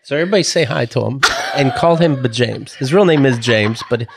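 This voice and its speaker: A man with a deadpan, joking delivery in a casual podcast chat. He tells stories with dry humor. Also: mid-range voice, fairly quick, gravelly, background noise. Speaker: podcast host.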